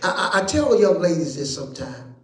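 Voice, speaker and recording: High-voiced preacher in an echoey church. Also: male voice, sing-song, a little fast. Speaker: bishop teaching Bible study. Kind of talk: lively preaching to a congregation.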